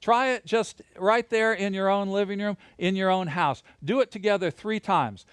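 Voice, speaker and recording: A man teaching a Bible lesson to a camera, animated and playful, leading hand motions. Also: high voice, moderate pace, clean tone, no room sound. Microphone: camera mic.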